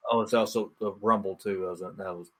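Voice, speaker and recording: A young man co-hosting a podcast, chatting casually in an excitable, rambling way, full of fillers. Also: low voice, a little fast. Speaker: podcast co-host. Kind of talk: casual chat.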